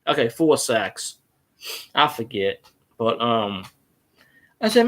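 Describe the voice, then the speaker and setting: Animated, profane man ranting casually. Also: on the high side, measured pace. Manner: profane, rambling, animated storytelling. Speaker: fan show host. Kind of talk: casual solo livestream chat.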